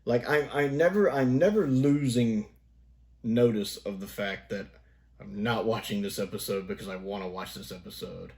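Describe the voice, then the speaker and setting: A man with a Southern American accent talks through his thoughts on an old TV episode in a loose, rambling review. His voice sits fairly low, and he often restarts sentences and breaks into small laughs. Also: moderate pace, a little mellow. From Southern United States. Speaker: TV review vlogger. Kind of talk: casual spoken review.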